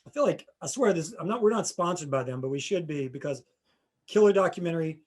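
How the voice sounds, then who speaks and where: A man's voice: fairly high pitch, animated, fast, darkish tone. A middle-aged man hosting a podcast, chatting casually and telling rambling stories, often acting out the people he quotes. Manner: rambling storyteller, acts out quotes with voices. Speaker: podcast host. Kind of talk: casual chat.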